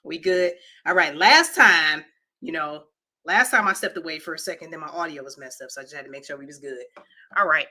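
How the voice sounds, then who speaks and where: A woman with a twang chats casually on a livestream, joking with her viewers and laughing easily. Her voice has a bright, ringing edge. She banters between stories and then reads the news aloud in the same easygoing way. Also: low-pitched, brisk. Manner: playful, teasing the chat, bursts of laughter. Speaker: livestream co-host.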